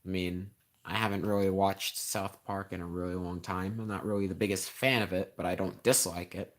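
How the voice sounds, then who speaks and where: A teenage boy chatting casually on a livestream, rambling with lots of ums and a sarcastic edge, getting louder when he rants. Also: low-pitched, steady tone, a little fast. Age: teens. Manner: gets loud and heated when ranting. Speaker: streamer.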